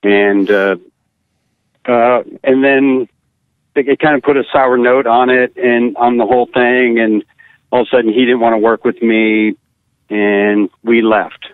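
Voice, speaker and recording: A man's voice: mid-range voice, a little slow, clear, resonant tone, no room sound. An older man, an animator, telling a candid story bluntly and acting out what others said. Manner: blunt, animated, acts out quotes. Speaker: animator guest. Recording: tinny phone-like line.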